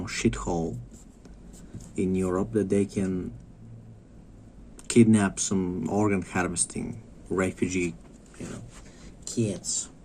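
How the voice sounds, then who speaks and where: A man's voice: on the low side, warm tone, a little hiss or hum. A man from Bulgaria, ranting in a rambling monologue, swearing often and repeating himself. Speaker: vlogger. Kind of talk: profane monologue rant.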